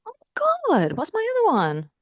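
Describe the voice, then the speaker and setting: A woman co-hosting a podcast in casual chat, telling jokes as an animated storyteller. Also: very high-pitched, normal speed, dry recording, studio quality. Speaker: podcast co-host.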